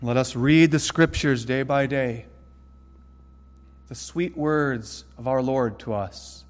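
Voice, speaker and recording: A man preaching a sermon, earnest and emphatic, slowing down to stress key phrases. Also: mid-range voice, big-room sound. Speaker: pastor.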